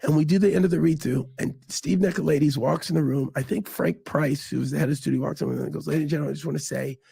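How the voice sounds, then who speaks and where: A middle-aged man telling stories in a casual interview, animated and acting out quotes. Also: fast talker, vocal fry, husky. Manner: animated, acts out quotes with big pitch jumps. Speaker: guest.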